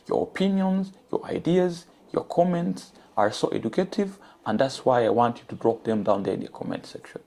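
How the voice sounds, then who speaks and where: A man's voice: a little high, mellow. A man from Africa hosting his own commentary channel, speaking earnestly and directly to his viewers in a preachy monologue.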